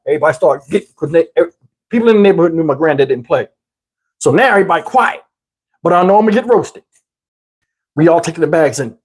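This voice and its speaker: A middle-aged man from New Jersey telling a comic story in a casual, animated, profane way, talking to listeners as y'all. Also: a little high, quick pace, pauses often, breathy edge.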